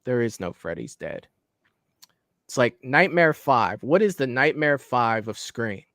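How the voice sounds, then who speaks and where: A man co-hosting a casual livestream chat about horror films, relaxed and hedging his opinions with fillers. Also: mid-range voice, unhurried, no echo, studio quality. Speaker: livestream co-host.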